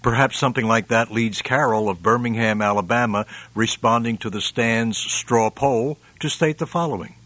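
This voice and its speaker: Man, commentary host, measured, emphatic, mid-pitched, dry close recording. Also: a bit bright, no echo. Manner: measured, emphatic, chuckles often. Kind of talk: commentary reading listener responses.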